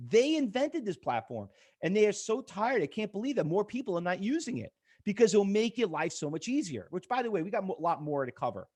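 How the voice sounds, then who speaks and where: Man, middle-aged, trading instructor, live class, high voice, very lively pitch, animated storytelling. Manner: animated, storytelling, acts out quoted exchanges.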